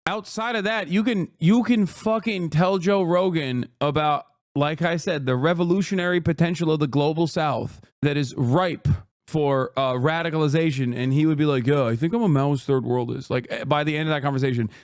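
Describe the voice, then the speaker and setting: A man streaming live and reacting in a profane, heated, sarcastic rant. His voice sits a little high for a man. The sound is dry and close, with no room around it. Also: normal speed, dry recording. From Turkey.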